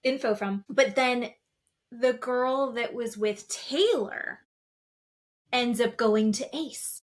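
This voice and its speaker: A woman co-hosting a podcast speaks slowly in a fairly high voice, chatting casually in an office. She retells reality TV scenes with lots of quoted asides.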